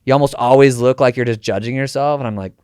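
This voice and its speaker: A man's voice: mid-range voice, fast, darkish tone, clear, resonant tone, no echo, clean studio sound. A man hosting a podcast interview, talking casually and energetically, slipping in slang and acted-out quotes. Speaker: podcast host.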